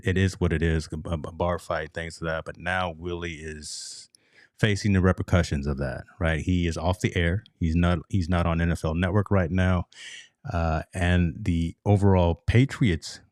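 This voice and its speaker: A deep-voiced man hosts a live sports talk show in a dry, close sound. He talks casually and stumbles over repeated words as he starts a thought. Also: steady tone, normal speed, a little mellow, dry recording. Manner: laid-back, repeats words when starting. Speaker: podcast host.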